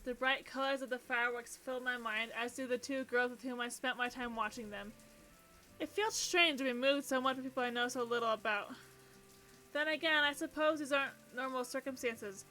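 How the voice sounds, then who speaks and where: High, bright-voiced gushing woman streamer. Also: brisk. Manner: gushing, excitable reactions between narration read aloud. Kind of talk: playing a game on stream. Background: faint game music.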